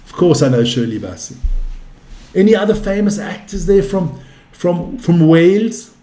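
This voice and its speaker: A man in his fifties gives casual live darts commentary, calling out scores between loose banter with viewers. His voice sits fairly high for a man. The sound is roomy, with a noticeable echo. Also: expressive, normal speed, warm tone. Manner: chatty, calls scores and answers viewer chat. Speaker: darts commentator and stream host.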